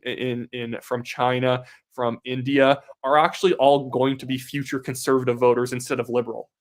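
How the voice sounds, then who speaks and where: A young man in the middle of his range, talking loosely through live election-night commentary. He reads viewers' messages aloud and answers them off the cuff. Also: medium pitch. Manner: casual, reads viewer donations aloud and reacts. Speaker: livestream host.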